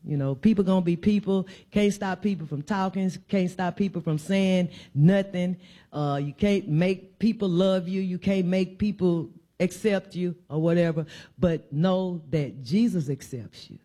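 A woman's voice: fairly low pitch, measured pace, warm tone. A woman giving an informal sermon in a church, preaching conversationally and driving her points home with repeated emphatic phrases. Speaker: church speaker.

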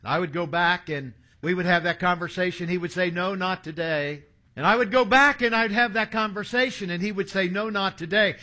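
A man's voice: high-pitched, fairly even intonation, a little fast, few pauses, sharp tone. A man in his sixties preaching a sermon, telling stories and reading scripture aloud in an earnest way. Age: 60s. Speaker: pastor.

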